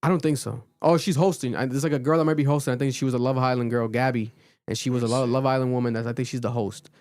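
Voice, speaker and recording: A man hosting a casual podcast, recapping a reality show in an animated, profane storytelling way. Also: medium pitch, fast talker, dry recording, clean studio sound. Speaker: podcast host.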